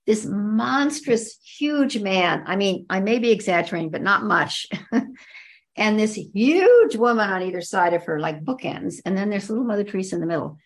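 A woman's voice: mid-range voice, expressive. An older woman, a podcast guest, telling a personal story in vivid detail and stretching out her emphatic words. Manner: vivid, repetitive description with drawn-out emphasis.

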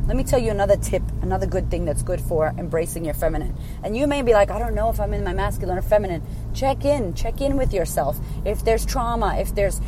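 A woman's voice: mid-range voice, noisy background. A woman in her thirties hosting a casual solo podcast as a coach, blunt and emphatic, swearing freely.

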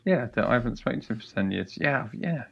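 A man guesting on a podcast, answering with dry, deadpan jokes in casual chat. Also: mid-range voice, quick pace, vocal fry, breathy edge, muffled recording. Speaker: podcast guest, comedy writer.

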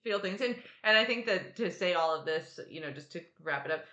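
A woman's voice: lowish voice, lively intonation, a little fast, sharp tone, echoey room, highs cut off. A woman co-hosting a podcast as a dietitian, chatting in a supportive, affirming way. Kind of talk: casual podcast chat.

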